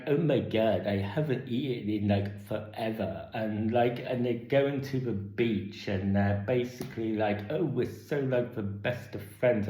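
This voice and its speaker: In an echoey room, a man with a mid-range, slightly mellow voice gives a casual spoken film review. He rambles with plenty of fillers and restarts, growing exasperated and sarcastic.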